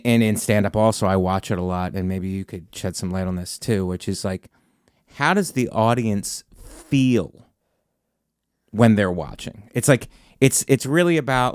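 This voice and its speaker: A man's voice: lowish voice, clean tone, no room sound, studio quality. A man hosting a podcast, a stand-up comedian who talks in a rambling, self-interrupting, sarcastic way. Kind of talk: casual podcast chat.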